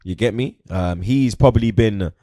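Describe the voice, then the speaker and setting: A man's voice: fairly low pitch, moderate pace, warm tone, no echo, clean studio sound. A young man chatting casually about football as host, peppering his talk with slang like "you get me" and "blood".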